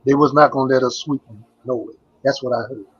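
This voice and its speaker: Husky-voiced older man telling old stories. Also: mid-range voice, fairly even intonation, quick pace, highs cut off. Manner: rambling, repeats phrases, trails off. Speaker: guest, former basketball player. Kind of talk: casual interview storytelling.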